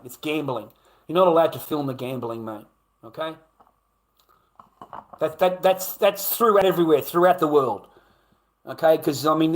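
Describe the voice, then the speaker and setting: A man's voice: a little high, a bit bright. A man, a live streamer, chatting casually to his viewers in a blunt, heavily profane, rambling way with frequent laughs.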